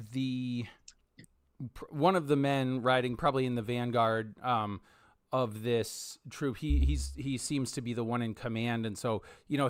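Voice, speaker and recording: A man narrating a tabletop role-playing game as game master, halting, with many ums and restarts. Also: mid-range voice, smooth, no echo, clean studio sound.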